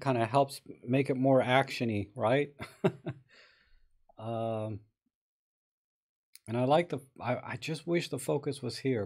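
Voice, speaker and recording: A man talking his way through a live photo-editing stream in a loose, chatty manner. His voice sits at an everyday middle pitch as he thinks aloud and says hello to viewers between edits. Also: a little mellow. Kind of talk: casual live-stream commentary.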